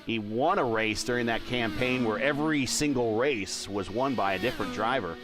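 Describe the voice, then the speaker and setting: A man's voice: mid-range voice, moderate pace. A man doing sim racing broadcast commentary, reeling off driver stats and dropping jokey asides between calls. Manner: stat-heavy play-by-play with jokey asides. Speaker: race commentator.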